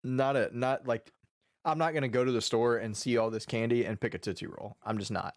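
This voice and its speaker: A man's voice: medium pitch, steady tone, a little fast. A young man from Texas in casual podcast chat, loose and emphatic, swearing and using slang freely.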